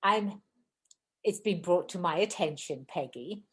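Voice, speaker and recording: A woman hosting a podcast interview, talking fast and effusively in a casual chat. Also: fairly low pitch, lively intonation. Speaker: podcast host.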